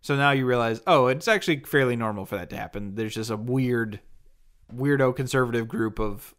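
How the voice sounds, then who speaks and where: A man's voice: mid-range voice, brisk, fairly bright tone. A man co-hosting a podcast, chatting casually and jokingly while recapping a TV episode. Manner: laid-back, joking, acts out quoted lines. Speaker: podcast co-host.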